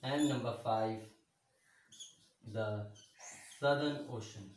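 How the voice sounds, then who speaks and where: A male school teacher giving a geography lesson, speaking slowly, repeating words and spelling them out letter by letter, with frequent checks of "okay?". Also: mid-range voice, a little hiss or hum. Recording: echoey room.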